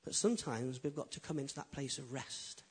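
A man preaching a sermon as pastor, swinging from loud, emphatic build-ups to quiet, intimate asides. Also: mid-range voice, fairly quick, husky. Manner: animated preaching, rising loud then dropping quiet.

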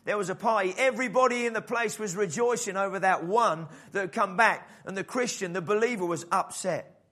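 A man preaching a sermon in an animated style, acting out the voices in the story. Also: high voice, brisk. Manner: animated preaching, acts out the father's voice. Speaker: pastor.

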